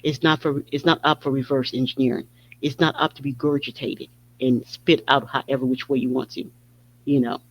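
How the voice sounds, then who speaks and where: A man's voice: mid-range voice, level tone, a little fast, a little hiss or hum. A man hosting a podcast, delivering a heated, profane opinion monologue that circles back on its points again and again. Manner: heated, profane, repetitive ranting. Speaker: podcast host. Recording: dull lo-fi recording.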